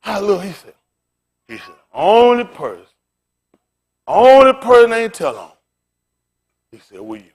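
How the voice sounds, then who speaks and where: A middle-aged man, a pastor, preaching through a street story with animated, laughing bursts and loud exclaims. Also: high-pitched, measured pace, pauses often, husky.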